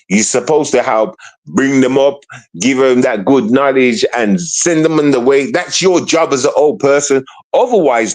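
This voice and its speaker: A man on a casual livestream ranting at online trolls, confrontational and profane, repeating himself often. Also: fairly high pitch.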